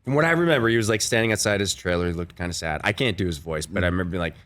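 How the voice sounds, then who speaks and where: A man's voice: sits low, big pitch swings, a bit bright. A man in his forties, a guest on a talk show, telling stories and often breaking into laughter. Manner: giggly, quick to burst into laughter. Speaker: actor guest.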